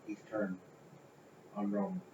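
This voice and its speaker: A man's voice: sits high, big pitch swings, unhurried, creaky, mellow. A man co-hosting a casual podcast, giving blunt, opinionated takes with plenty of swearing. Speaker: podcast co-host. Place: home garage. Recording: roomy, dull garage sound with faint noise.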